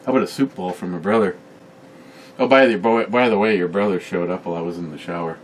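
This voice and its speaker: Low-voiced man co-host, crude and jokey, casual home chat, slight noise. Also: quick pace, far from the mic. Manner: crude joking, animated storytelling. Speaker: co-host of a beer review channel. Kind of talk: casual banter.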